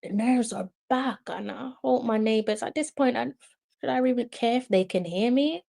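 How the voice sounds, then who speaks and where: A woman with a Jamaican accent and a fairly high voice commentates over a live football match for her stream. She is excitable and exasperated, and drifts between standard English and patois as the play unfolds. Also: moderate pace, vocal fry.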